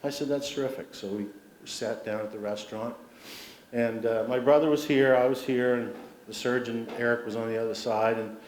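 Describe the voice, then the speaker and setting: A middle-aged man tells anecdotes from the podium at a sports awards dinner, his voice at an ordinary pitch. The sound is roomy, with the echo of a large civic hall. A faint murmur of room noise runs underneath. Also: steady tone, normal speed. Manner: warm anecdotal storytelling with humor. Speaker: award inductee giving a speech. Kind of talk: storytelling acceptance speech.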